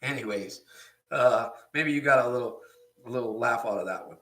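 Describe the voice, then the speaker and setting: A man's voice: mid-range voice, moderate pace, sharp tone. Encouraging male recovery coach, echoey room. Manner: encouraging, repeats phrases, reads viewer comments aloud. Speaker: recovery coach and show host. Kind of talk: live-stream motivational talk.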